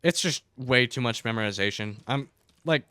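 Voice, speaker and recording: A man's voice: mid-range voice, lively intonation, normal speed, sharp tone, no echo. A young man giving a casual, sarcastic comedic rant to camera, packed with "like" fillers and playful exaggeration. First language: English. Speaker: YouTuber.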